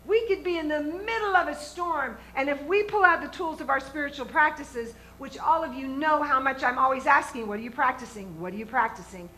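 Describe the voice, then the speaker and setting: A woman minister preaches in a high, bright voice. She is earnest and emphatic, and she often stops to ask her congregation questions. She is speaking in a church sanctuary. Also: fairly quick, few pauses, low-quality recording. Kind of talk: sermon.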